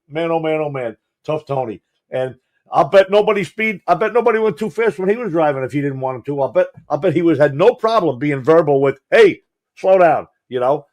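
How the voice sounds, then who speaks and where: Fast-talking male fire service co-host. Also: fairly high pitch, a little mellow. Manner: rapid, with frequent restarts and stumbles. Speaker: podcast co-host, former fire chief. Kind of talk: conversational podcast talk.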